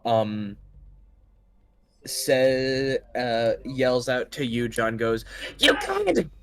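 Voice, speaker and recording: A man narrates a tabletop game as its game master. He talks at a slow, measured pace, sits at an ordinary middle pitch, and pauses often on ums and small restarts as he describes the action. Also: little pitch movement, smooth. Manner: halting, with frequent ums and restarts.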